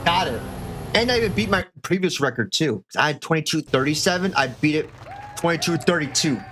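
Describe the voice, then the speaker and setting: A man giving casual gameplay commentary as a streamer, excitable and joking, swearing often. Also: fairly high pitch, brisk, noisy background. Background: game music.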